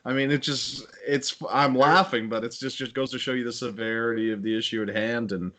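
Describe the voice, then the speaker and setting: Casting: man, mid-pitched voice, laid-back joking podcast co-host. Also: fairly even intonation, a little fast, pushed and bright. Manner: loose, joking, trailing off. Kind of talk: casual chat.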